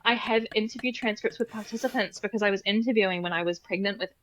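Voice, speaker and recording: A woman's voice: medium pitch, fast talker, fairly bright tone. A woman in her thirties from New Zealand, a podcast guest telling personal stories in a chatty way, full of "like" and acted-out dialogue. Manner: chatty, heavy use of "like", acts out remembered dialogue. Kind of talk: casual conversational storytelling.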